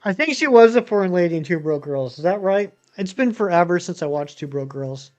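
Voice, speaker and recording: High-voiced chatty man streaming. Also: animated, a little fast, darkish tone, muffled recording, soft background music. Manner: rambling, chatty, many ums and uhs. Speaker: game streamer. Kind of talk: casual live-stream chat answering viewers.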